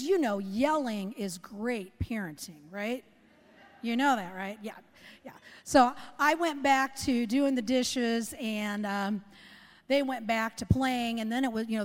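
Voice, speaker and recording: A middle-aged woman preaching a sermon, earnest and conversational, often asking the congregation questions. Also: on the high side. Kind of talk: sermon with personal story. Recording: long hall reverb.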